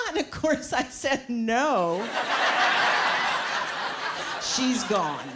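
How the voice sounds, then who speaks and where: A woman's voice: fairly high pitch, very animated, slight background noise. A woman from Canada doing a brash, self-mocking stand-up set on a club stage. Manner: brash, self-mocking punchlines with pauses for laughs. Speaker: stand-up comedian. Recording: live club recording with loud crowd. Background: laughing audience.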